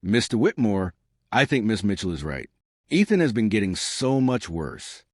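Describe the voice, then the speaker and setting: Man doing older housekeeper lady, quiet and steady, lively pitch, dry close sound. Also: no echo. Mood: resolute. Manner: plain, measured, growing firmer. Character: older woman housekeeper, quiet but firm.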